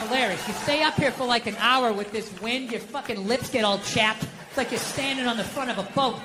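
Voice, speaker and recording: A man's voice: very high-pitched, fairly quick, in a large hall, over music, a crowd in the background. A middle-aged American man doing stand-up comedy, ranting profanely in an exasperated way and acting out quotes.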